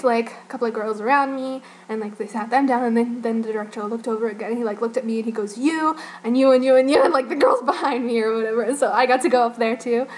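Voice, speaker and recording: A young woman with a slightly high voice recaps an event she attended. She talks in a casual, giggly, gushing way, stringing her thoughts together with endless "like"s. A faint background noise runs under the recording. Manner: giggly, gushing, heavy use of "like". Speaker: fan giving an event report.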